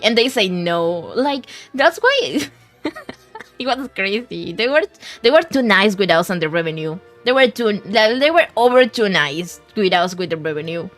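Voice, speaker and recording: A woman's voice: medium pitch, big pitch swings, measured pace, a bit bright, soft background music. A woman VTuber chatting casually with her stream chat in a rambling, giggly way, often restarting her words, at a desk mic.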